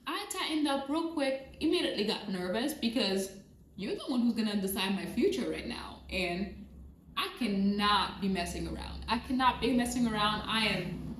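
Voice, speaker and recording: Animated woman telling a story. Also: medium pitch, normal speed. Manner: animated retelling, repeats phrases for emphasis. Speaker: vlogger. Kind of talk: casual storytime. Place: near a road with passing cars. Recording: roomy sound with faint traffic noise. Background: passing traffic.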